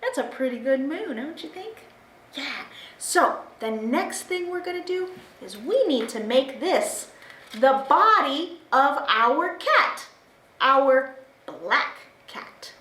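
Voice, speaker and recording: A woman's voice: sits high, sing-song, slow, pushed and bright. A woman children's librarian leading a story time and craft, talking to young kids in a cheerful, sing-song way. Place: library room. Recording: roomy echo, faint background hiss.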